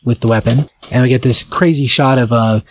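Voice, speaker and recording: A man's voice: mid-range voice, fairly even intonation, a little fast, a little hiss or hum. A man co-hosting a podcast, casually retelling a comic book's plot in a rambling way, full of fillers. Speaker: podcast co-host. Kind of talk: casual comic book recap.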